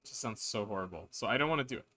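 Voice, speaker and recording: A man's voice: on the low side, lively intonation, racing, bright, forceful tone. A man chatting on a live stream while reading a game's dialogue, self-deprecating and reluctant to do character voices. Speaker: streamer reading a game aloud.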